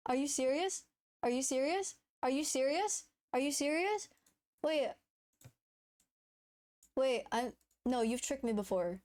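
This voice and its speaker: Excitable high-voiced woman streamer. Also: measured pace, long pauses. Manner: excitable, laughs a lot, swears. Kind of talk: casual live stream chat.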